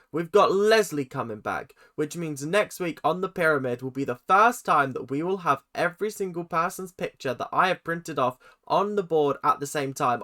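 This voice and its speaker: Chatty British reaction vlogger, lively pitch. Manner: chatty, joking, talks straight to viewers. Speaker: reaction channel host. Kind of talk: casual reaction vlog chat.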